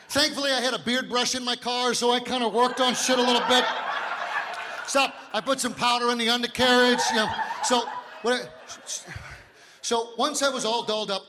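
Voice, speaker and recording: A man in his fifties performing a stand-up comedy set, telling big, animated stories on a stage mic in a live hall. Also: very high-pitched, slight background noise. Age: 50s. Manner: big animated storytelling, drops to quiet voices for quoted doctor. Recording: live hall with audience laughter.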